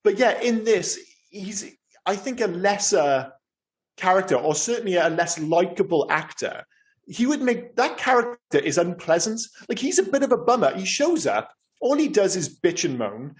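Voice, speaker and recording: A man co-hosting a film podcast, chatting casually and rambling with lively, sweary asides. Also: high voice, normal speed. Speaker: podcast co-host. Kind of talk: casual chat.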